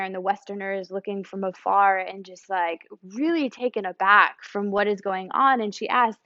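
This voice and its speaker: Speaking in a mid-range voice with no room sound, a woman from the US leads a casual church teaching talk. She explains things conversationally, drawing a picture and acting out examples. The audio is slightly dull and lo-fi.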